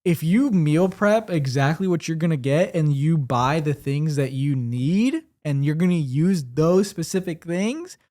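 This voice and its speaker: A man's voice: on the high side, measured pace, few pauses. A man co-hosting a podcast, chatting casually and speaking directly to the listeners. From American Midwest. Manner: relaxed, rambling, addresses listeners directly. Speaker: podcast co-host. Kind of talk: casual chat.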